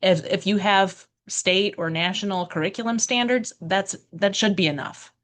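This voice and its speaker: A woman's voice: medium pitch, normal speed, a bit bright. A woman, a retired teacher, stating firm opinions in a casual podcast chat.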